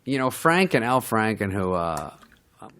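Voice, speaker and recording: Animated storytelling comedian, middle-aged man. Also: on the low side, measured pace. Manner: animated, swears, mimics people in stories, laughs often. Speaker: podcast guest, comedian. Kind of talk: casual storytelling chat.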